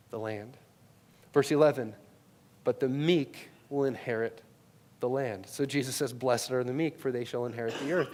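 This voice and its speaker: In a conversational sermon, a male pastor on a headset microphone keeps adding "right?" to his lines. He alternates between loud, emphatic bursts and quiet, low asides.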